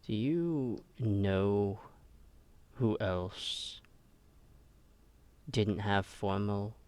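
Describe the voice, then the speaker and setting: A man voicing a calm male mentor who patiently probes and challenges a younger officer. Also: on the low side, extremely slow, dry recording. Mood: coaxing. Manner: patient, probing, gently challenging. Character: calm male mentor, a past host addressed as sir.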